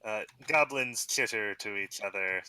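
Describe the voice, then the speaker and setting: A man narrating as game master in a relaxed, chatty way. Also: on the low side, measured pace, dry recording, poor audio. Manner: relaxed, chatty, laughs often.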